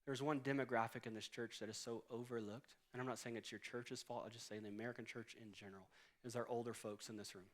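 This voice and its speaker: A man's voice: medium pitch, steady tone, fast. A man in his late thirties delivers a sermon as pastor from a church stage. He talks in a conversational, storytelling way and works humor into it. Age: 30s.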